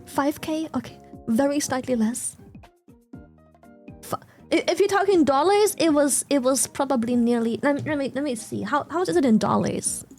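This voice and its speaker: A woman from Germany chatting casually on stream, telling stories in an excitable, animated way and swearing freely. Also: high-pitched, normal speed, faint music behind. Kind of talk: casual chat.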